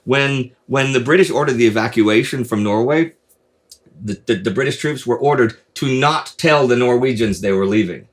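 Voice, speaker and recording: Guy hosting a history chat, mid pitch, animated storyteller with lots of asides. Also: moderate pace. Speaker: host.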